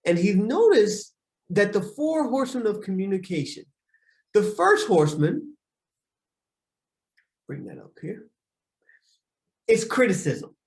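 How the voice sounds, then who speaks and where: Slow-talking male counselor in a roomy space. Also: high voice, sing-song, a little mellow. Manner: repeats key points slowly, often asks "right?". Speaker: relationship counselor. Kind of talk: teaching a group session. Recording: roomy echo.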